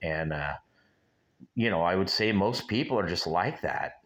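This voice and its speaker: A man in his sixties rambles and muses in a loose solo vlog, talking straight to his viewers. His voice sits fairly low but sounds bright and forceful. The delivery stays casual and unscripted throughout. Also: expressive, unhurried. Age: 60s. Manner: rambling, musing, talks to viewers directly. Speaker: show host.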